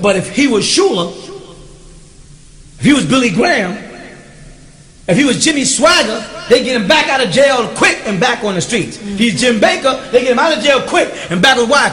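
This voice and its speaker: A man's voice: very high voice, sing-song, normal speed, a bit bright, roomy sound. A man teaching a recorded question-and-answer class, speaking emphatically and often checking that his listeners follow him.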